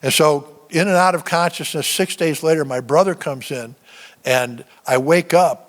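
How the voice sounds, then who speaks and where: A man in his seventies, a veteran and guest speaker, giving a personal testimony sermon in halting storytelling with many restarts. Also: a little high. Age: 70s. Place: church sanctuary. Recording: long church-hall reverb.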